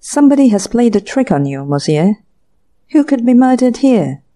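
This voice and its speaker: Woman narrator voicing a calm skeptical young girl, soft pretty voice, dry and cool, mellow tone, audiobook reading. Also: on the high side, normal speed, pitched above the performer's own voice.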